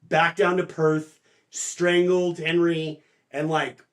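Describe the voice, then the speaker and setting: Guy co-hosting a book podcast, bit high voice, rambly casual recap w/ goofy character voices. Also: flat delivery, takes it slowly. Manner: retells the plot in loose paraphrase, many "like" fillers, mock-voicing characters. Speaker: podcast co-host.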